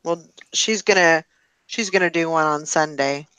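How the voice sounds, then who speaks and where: A woman hosting a casual group chat on a live call, talking in a relaxed, rambling way with plenty of fillers. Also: sits low, normal speed, smooth, no room sound, rough recording. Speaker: host.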